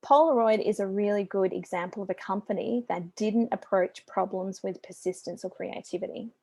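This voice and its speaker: Brief: Australian woman, middle-aged business coach, warm mellow voice, chatty and upbeat, dry close sound. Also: medium pitch, moderate pace, gravelly, no room sound. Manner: chatty and upbeat, with friendly asides. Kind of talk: business presentation.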